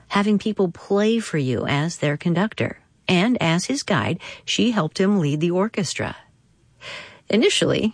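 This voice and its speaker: A woman hosting a classical music radio program, reading scripted narration in a smooth storytelling way. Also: fairly low pitch, dry recording. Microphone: studio microphone.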